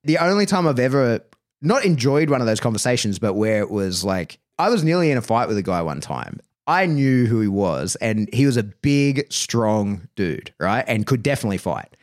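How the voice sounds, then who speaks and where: A man's voice: medium pitch, normal speed. A man, a dog trainer hosting a podcast, talking frankly in casual chat with lots of "like" and swearing. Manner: lively and frank, swearing, many fillers like "like" and "right".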